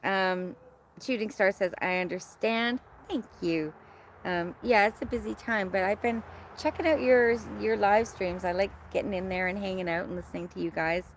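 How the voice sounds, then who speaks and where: A woman's voice: mid-range voice, moderate pace, slight background noise. A middle-aged woman from Canada hosting a casual livestream outdoors, chatting and reading viewer comments in a bubbly, hyper way. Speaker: livestream host. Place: outdoors in her yard.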